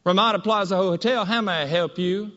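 A man's voice: high-pitched, fairly quick, sharp tone. A man voicing a blunt, dismissive hotel clerk, a Southern US woman. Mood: curt. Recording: dull audio in a reverberant hall.

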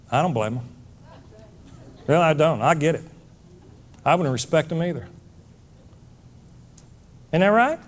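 Middle-aged male speaker, emphatic live talk, pitch on the high side, very animated delivery. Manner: emphatic, preachy, rising to near-shouts. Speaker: motivational speaker.

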